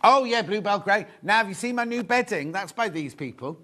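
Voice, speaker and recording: A man's voice: high-pitched, animated, brisk, bright, forceful tone. A man presenting a live shopping show, chatty and gushing, repeating his phrases as he shows off fabrics. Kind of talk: live sales chat.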